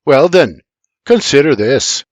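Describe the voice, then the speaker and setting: A man voicing a hearty, patient uncle who talks loudly and emphatically in an audiobook. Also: mid-range voice, animated, slow pace, no echo, pitched above the performer's own voice. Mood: coaxing.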